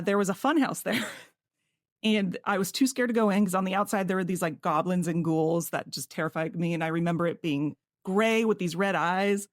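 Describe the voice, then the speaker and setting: A woman's voice: on the low side, dry recording. Woman co-host from California, casual and chatty, laughs a lot; dry, close podcast mic. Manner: chatty, laughs often, quick asides. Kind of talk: casual chat.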